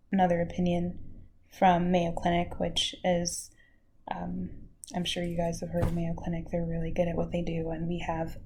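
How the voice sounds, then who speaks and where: Tearful woman with a gravelly low voice. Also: a little hiss or hum. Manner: emotional, halting, near tears, soft at times. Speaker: vlogger sharing her health journey. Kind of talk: emotional personal vlog.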